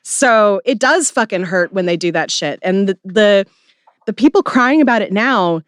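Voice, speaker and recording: A woman's voice: mid-range voice, lively intonation, dry recording. Woman cohost chatting, blunt, cusses a lot, dry close sound. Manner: blunt, swears freely, quick asides. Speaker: podcast co-host. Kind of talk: casual chat.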